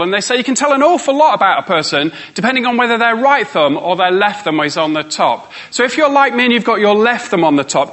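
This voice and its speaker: A man running a live workshop, teasing the crowd and coaxing them along. His voice sits high for a man and sounds bright and forward. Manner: playful, teasing, coaxing the audience. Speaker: motivational speaker. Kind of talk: live workshop talk to an audience.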